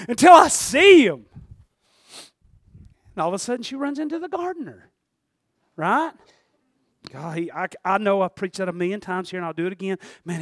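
A man preaching a folksy, animated sermon that swings between loud and hushed. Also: high-pitched, dry recording, studio quality. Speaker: pastor.

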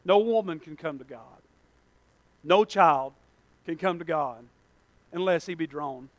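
A male preacher, delivering a sermon that swings between hushed pleading and loud shouting. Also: fairly high pitch, measured pace, no echo.

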